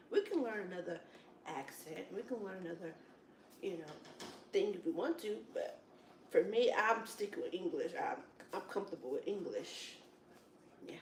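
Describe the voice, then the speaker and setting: A woman in casual chat at a Bible study, telling rambling, animated stories with lots of "it's like, wow.". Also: on the low side, a little hiss or hum. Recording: echoey room, distant from mic.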